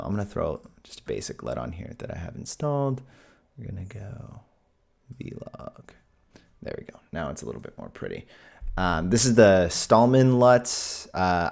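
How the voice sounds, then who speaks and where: A man's voice: low-pitched, gravelly, a little mellow. A man hosting a live video editing tutorial, talking casually and thinking aloud as he works.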